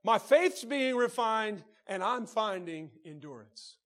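Taking it slowly with lively intonation, a male pastor delivers a sermon and calls out to the congregation. His preaching moves from quiet, low stretches to shouted ones.

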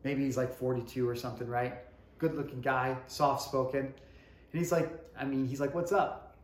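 A man in his thirties telling a personal story to his viewers, earnest and emotional, dropping to a hush and then rising with fervor. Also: medium pitch, fairly even intonation, normal speed, echoey room. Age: 30s. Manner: earnest, swings from hushed to fervent, addresses viewers directly. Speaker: motivational vlogger.

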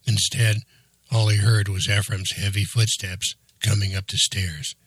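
Husky low-voiced male audiobook narrator. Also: little pitch movement, unhurried, dry recording.

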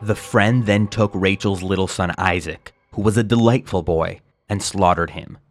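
A man solemnly reading a historical chronicle aloud in a grave, measured, mournful way. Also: low voice, fairly even intonation. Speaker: narrator. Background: faint music.

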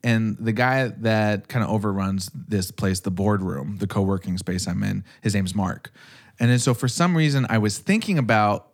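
Laid-back rambling man, low voice. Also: moderate pace. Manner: rambling, laughs often, many fillers. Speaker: podcast co-host. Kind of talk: casual chat.

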